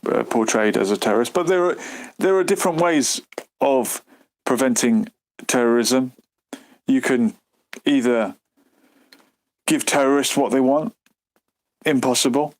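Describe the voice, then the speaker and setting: A man's voice: mid-range voice, darkish tone. A man hosting a late-night live stream on his phone, talking loosely with frequent fillers and reading out viewer comments. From Britain.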